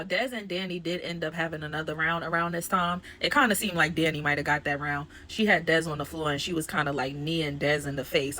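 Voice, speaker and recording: A woman's voice: low voice, fairly bright tone, slight background noise. Slangy woman recapping reality TV. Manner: slangy, conversational storytelling. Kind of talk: casual recap chat.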